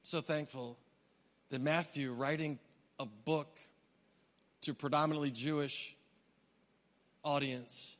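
Bright-voiced pastor in a reverberant hall. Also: male voice, a little high, slow, pauses often. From United States. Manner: animated, humorous storyteller, acts out his own reactions. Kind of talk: sermon with personal storytelling. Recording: long reverb of a large hall.

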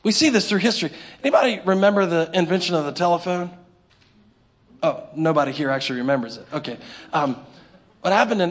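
A man preaching a sermon in a church, animated and humorous, acting out little scenes for the congregation. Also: sits high, quick pace. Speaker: pastor. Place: church sanctuary.

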